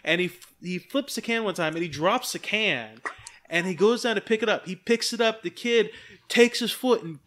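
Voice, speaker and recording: High-pitched podcast guy swearing a lot, doing all the voices in his story. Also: moderate pace, fairly bright tone. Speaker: podcast co-host. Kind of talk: casual chat.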